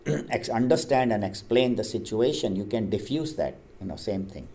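Low, mellow-voiced man leading a talk. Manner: calm, measured, teacherly storytelling. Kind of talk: reflective group talk.

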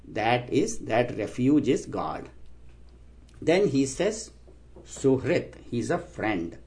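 A man giving a spiritual talk, explaining scripture terms and telling stories, acting out the quoted voices with raised pitch. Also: sing-song, slow pace, darkish tone. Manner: storytelling, acts out quoted voices with rising pitch. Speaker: spiritual teacher. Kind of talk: sermon with stories and jokes.

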